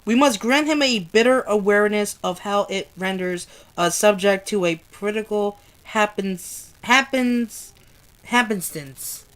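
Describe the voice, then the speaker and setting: A woman reads a book aloud at a slow, deliberate pace, sounding out long words and often stumbling. She restarts words mid-way and breaks off to curse at her own mistakes. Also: fairly high pitch. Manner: stumbles over hard words, swears and laughs at herself. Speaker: amateur reader. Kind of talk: reading a book aloud, livestream.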